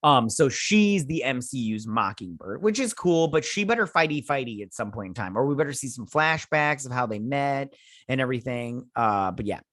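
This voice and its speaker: A man's voice: medium pitch, animated, moderate pace, a bit bright, no room sound, studio quality. A man hosting a casual episode review, chatting through the plot in a rambling way with lots of fillers and restarts. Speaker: show host reviewing an episode.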